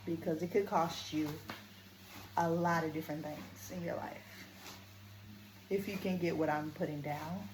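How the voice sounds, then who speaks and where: A woman coach talks straight to her viewers in a casual vlog, earnest and deliberate. She shifts between firm and gentle tones. Her slightly low voice rings in an echoey room with a faint hiss of ambience behind it. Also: steady tone. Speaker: vlogger and coach. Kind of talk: casual talking-to-camera vlog.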